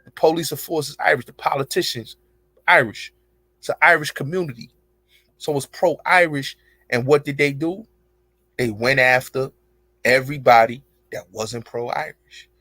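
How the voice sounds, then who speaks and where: A man's voice: mid-range voice, normal speed, bright, forceful tone, dry recording. A man hosting an online show, delivering a rambling, emphatic monologue full of profanity and street slang. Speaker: show host. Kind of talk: casual monologue.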